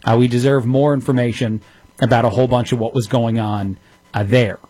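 A sarcastic male radio host in his thirties, talking through the news with plenty of ums and uhs. His voice sits at an ordinary middle pitch, and the studio sound is dry and close. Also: steady tone, mellow, dry recording. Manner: sarcastic, rapid-fire delivery with frequent fillers. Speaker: radio talk show host. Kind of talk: opinionated radio commentary.

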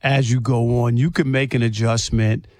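A man co-hosting a sports talk show, pushing back skeptically in a flat way. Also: medium pitch, moderate pace, no echo. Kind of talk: sports debate.

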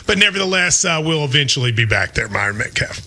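Sports radio host, male, middle-aged; high, brilliant tone, casual and playful. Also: big pitch swings, fast talker, pushed and bright. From Kentucky. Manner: laughs often, jokey and teasing.

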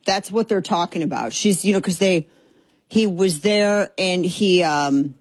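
A woman hosts a radio talk show in a studio, her voice husky and a little breathy. She rambles with fillers, sarcastic and exasperated as she riffs. The sound is dry and close, with no room around it. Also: lowish voice, a little slow, dry recording. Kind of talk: casual opinionated radio talk. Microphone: studio microphone.

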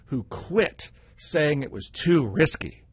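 A man's voice: fairly high pitch, lively intonation, takes it slowly, husky, dry recording, clean studio sound. A man co-hosting a radio show, chatting casually and pragmatically, with a wry manner and frequent laughs. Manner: pragmatic, wry, laughs often, acts out quotes.

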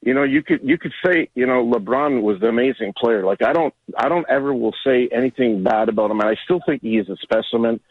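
Older male caller, sixties, husky voice, tinny phone line, friendly and rambling. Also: medium pitch, brisk, hardly any pauses, dry recording. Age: 60s. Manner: rambling, friendly, restarts often. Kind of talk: call-in chat.

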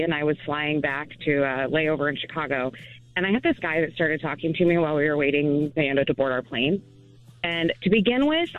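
A woman's voice: low-pitched, dull audio. A woman, a mother, on a radio call-in telling a story in a plain, matter-of-fact way. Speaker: caller.

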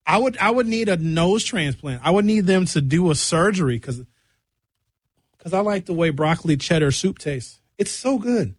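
A young man hosting a radio show, chatting casually with jokes and quick tangents. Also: high-pitched, husky, no room sound. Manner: animated, jokey, jumps between tangents. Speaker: radio host.

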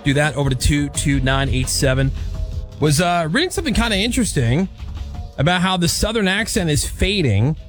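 A man's voice: fairly high pitch, big pitch swings, fairly quick, soft background music. A man hosting a casual radio show, reading out the crew and phone lines in an upbeat way, then rambling with hesitant restarts. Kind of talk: casual morning radio chat.

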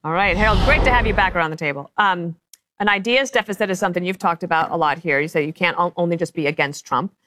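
A woman hosting a television news panel show, reading introductions and questions in a brisk, crisp anchor delivery on a studio microphone. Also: on the low side, a bit bright, dry recording. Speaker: talk show host.

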